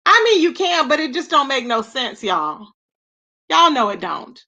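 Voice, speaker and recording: A woman hosting a livestream, chatting casually with viewers, gossipy and animated, thanking them by name and laughing often. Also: sits high, measured pace. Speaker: livestream host.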